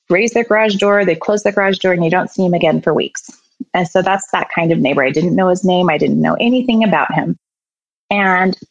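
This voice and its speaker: A woman's voice: on the low side, gravelly, no room sound. A middle-aged woman candidly telling a personal story in an earnest, emotional way. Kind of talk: personal story told to an audience. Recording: slightly dull sound, faint music behind.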